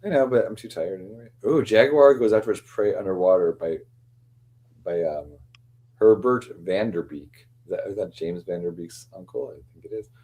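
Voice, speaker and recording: A man's voice: low-pitched, normal speed, dark tone, breathy edge. A man hosting a stream, chatting casually in a rambling, apologetic way. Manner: rambling, apologetic, keeps saying sorry. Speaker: stream host. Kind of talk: casual chat.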